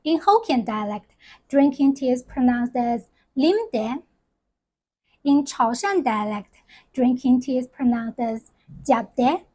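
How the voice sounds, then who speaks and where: A woman, hosting a vlog and explaining things to camera in a relaxed, gently persuasive way. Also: high voice, measured pace. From China. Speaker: vlog host.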